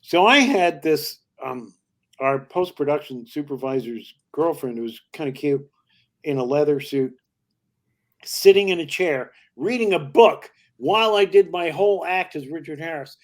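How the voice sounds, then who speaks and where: Older male comic guest, a lively raconteur who drops into voices, voice pitched a bit high. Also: normal speed. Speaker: guest comedian. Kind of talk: anecdotal storytelling.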